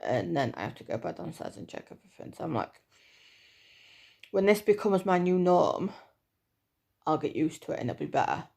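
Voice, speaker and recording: A woman in her thirties talks through a personal vlog update in a low voice. Her voice is strongly gravelly, full of vocal fry. She speaks in a chatty, hesitant way, with lots of fillers. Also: big pitch swings, moderate pace, long pauses, darkish tone. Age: 30s. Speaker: vlogger.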